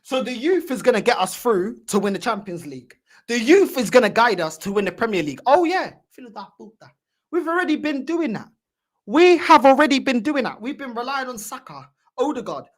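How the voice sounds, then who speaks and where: A woman hosting a fan channel, giving mocking, heated reaction commentary and repeating her points. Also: on the high side.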